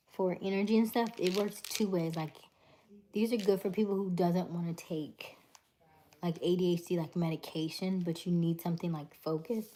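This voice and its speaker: Her low, warm voice travels through a webcam mic as this middle-aged woman hosts an easygoing livestream at home. At a moderate pace she animatedly narrates stories and performs dialogues, pausing between them to read the chat aloud.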